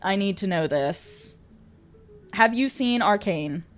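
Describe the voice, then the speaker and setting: Woman, streamer, bubbly, sweary, lively swooping voice, faint music behind. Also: mid-range voice, slow. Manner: bubbly, swears freely, laughs often. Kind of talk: casual chat reading viewer messages.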